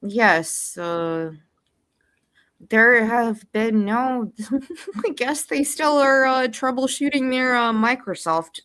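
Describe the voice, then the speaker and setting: Brief: woman hosting a live stream, laid-back and giggly, slow delivery, dry sound. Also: a little high, fairly bright tone, clear, resonant tone, dry recording. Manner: giggly, hesitant, trails off. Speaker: stream host. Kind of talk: casual chat on a livestream.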